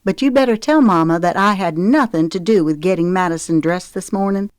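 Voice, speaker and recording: A stubborn young mother , read by a woman narrator, answers in short, clipped, huffy phrases. She speaks a little higher than the narration around her. The sound is close and dry. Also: fairly quick, dry recording, natural voice.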